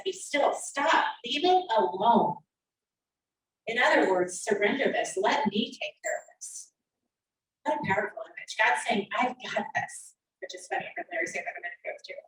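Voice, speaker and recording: A woman's voice: a little high, distant mic. Woman elder teaching scripture over a video call. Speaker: church elder. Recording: echoey video-call audio from off the mic.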